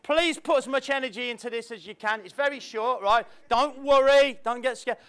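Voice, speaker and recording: A man's voice: very high-pitched, normal speed, fairly bright tone, clean tone. A man giving a motivational talk to a live audience in an event room, playful and acting out the people he quotes. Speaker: motivational speaker.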